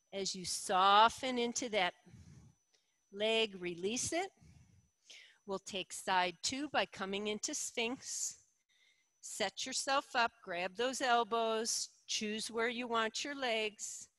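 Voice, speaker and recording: A middle-aged woman guides a yoga class with calm, encouraging cues. She speaks slowly and deliberately, and her voice sounds dry and close, with no room echo. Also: mid-range voice. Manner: calm, encouraging cueing with slow deliberate phrasing. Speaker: yoga instructor.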